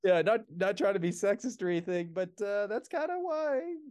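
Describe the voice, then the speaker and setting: Young male podcast co-host, relaxed chatty delivery, filler-heavy. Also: high-pitched, fairly quick, clean tone. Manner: laid-back, many fillers and laughs. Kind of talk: casual chat.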